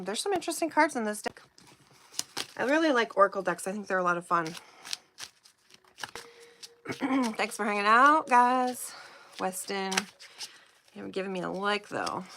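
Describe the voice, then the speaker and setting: A woman hosting a casual live stream, chatting and giggling with viewers while slowly reading out oracle card phrases. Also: mid-range voice, sharp tone, a little hiss or hum.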